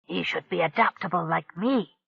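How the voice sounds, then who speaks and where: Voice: medium pitch, normal speed, creaky, slightly rough, muffled recording. The narrator voicing a smug, confident male alien leader in an audiobook. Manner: confident, dismissive. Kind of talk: audiobook character voice.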